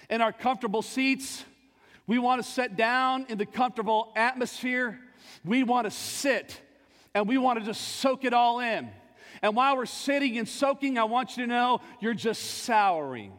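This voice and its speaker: A male pastor preaching a fervent sermon with call-and-response, surging into shouts. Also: very high voice. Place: church sanctuary. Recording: long reverb of a church sanctuary.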